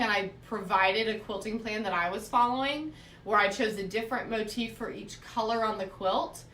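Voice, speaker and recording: A woman's voice: fairly high pitch, a bit bright, echoey room, far from the mic, slight background noise. A woman teaching quilting on a live stream, chatty, often checking in with "right?" as she explains.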